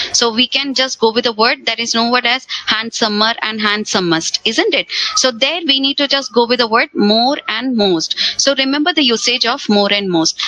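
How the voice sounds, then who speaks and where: Woman teacher, fairly high and bright, explains grammar step by step with rhetorical questions. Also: no echo, low-quality recording. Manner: repeats key words, asks rhetorical questions. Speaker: English teacher. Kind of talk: exam-prep grammar lesson.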